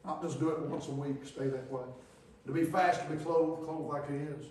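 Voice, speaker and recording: Fervent pastor preaching in an echoey church. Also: male voice, fairly even intonation, moderate pace, distant mic, slight background noise. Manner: builds from low reading to loud fervent preaching. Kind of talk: sermon. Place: church sanctuary. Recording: very echoey church hall from afar.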